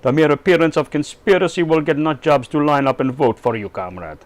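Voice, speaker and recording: A man's voice: on the high side, brisk, lightly acted. A man voicing a scheming middle-aged male Russian leader in a put-on Russian accent, speaking broken English with dropped articles.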